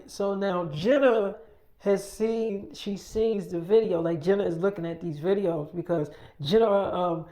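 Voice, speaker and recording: A woman's voice: fairly low pitch, dark tone. A woman spinning an improvised first-person story in a casual, profane way, acting out the dialogue as she goes.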